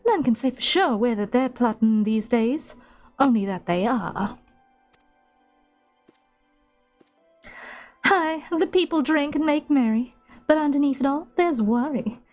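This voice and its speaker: A woman's voice: sits high, darkish tone, pitched above the performer's own voice. Momodi, a woman voicing a drawling innkeeper. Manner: slight put-on southern drawl. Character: shrewd middle-aged female guild innkeeper. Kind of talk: reading game dialogue aloud in character.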